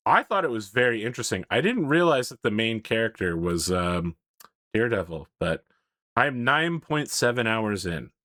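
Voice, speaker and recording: A man hosting a casual podcast chat, animated, laughing often and swearing freely. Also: fairly low pitch, moderate pace, no echo, studio quality. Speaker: podcast host.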